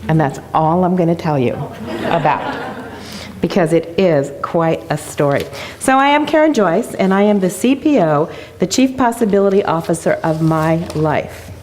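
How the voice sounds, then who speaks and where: A woman's voice: on the low side, animated, moderate pace, darkish tone, slight background noise. A woman guest speaker giving an enthusiastic motivational talk in a church, telling a joke story. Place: church sanctuary.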